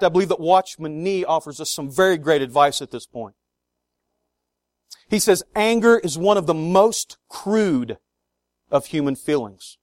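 A man preaching a sermon to his congregation, earnest, with slow emphatic stresses on key words. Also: a little high, dry recording, studio quality. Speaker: pastor.

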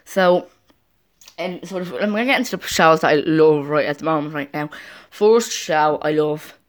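A woman's voice: low voice, normal speed. A young woman chatting casually to camera at home, rambling and often restarting her sentences. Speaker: vlogger.

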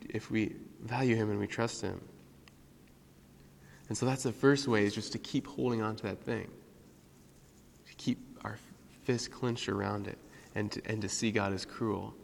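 A man giving an informal devotional talk, halting often with fillers as he tells a story. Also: on the low side, creaky, big-room sound. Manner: casual, halting with many fillers.

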